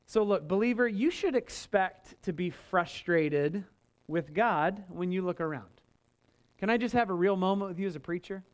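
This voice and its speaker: A male pastor delivers a sermon in a lively, conversational way. He keeps calling out for amens from the congregation, and he acts out complaints in a higher, more strained voice. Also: moderate pace.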